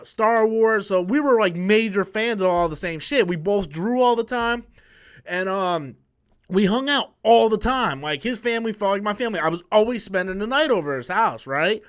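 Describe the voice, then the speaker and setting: A man in his thirties chats casually on a live stream, his voice sitting high for a man. He is profane and rambling, and he often stops to restart his sentences. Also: expressive, moderate pace, clear, resonant tone. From New York. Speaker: channel host.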